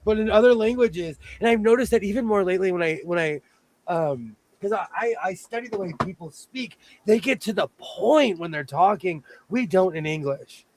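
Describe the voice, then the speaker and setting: A man's voice: high voice, lively intonation, normal speed, a little hiss or hum, low-quality recording. A man hosting a casual chat, talking in an easygoing way with lots of restarts and self-corrections. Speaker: host.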